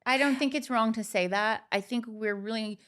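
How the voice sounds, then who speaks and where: A woman hosting an interview, gentle and sympathetic, with many affirming murmurs. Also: a little high, normal speed. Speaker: podcast host.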